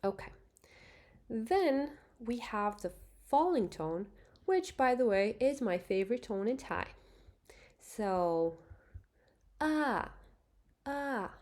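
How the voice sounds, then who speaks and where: A woman teaching beginners the Thai script, explaining slowly and patiently and demonstrating sounds, with many fillers. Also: medium pitch, a little mellow. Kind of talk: online language lesson.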